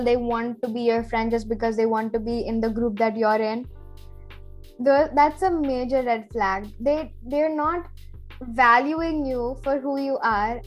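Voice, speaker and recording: Chatty young woman podcast co-host. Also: on the high side. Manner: chatty, self-mocking, giving earnest advice. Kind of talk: casual chat.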